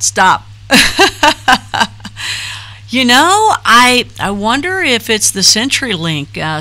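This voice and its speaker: A woman's voice: lowish voice, bright, forceful tone. A middle-aged woman hosting a casual live stream, chatting loosely and reading out names from the chat with lots of fillers. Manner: chatty, rambling, reads chat names aloud with frequent fillers.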